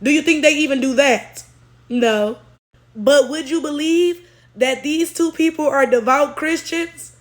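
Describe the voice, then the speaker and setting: Lady w a high voice telling a story, swearing nonstop, keeps asking right?. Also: unhurried. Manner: blunt, profane, heated; frequent tag questions. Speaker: storytelling vlogger. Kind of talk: casual storytime rant.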